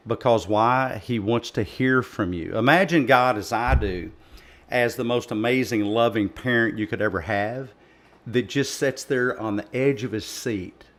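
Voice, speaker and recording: A man hosting a live audio panel, earnest and encouraging, who often pauses on fillers. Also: medium pitch, a bit bright. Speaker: host.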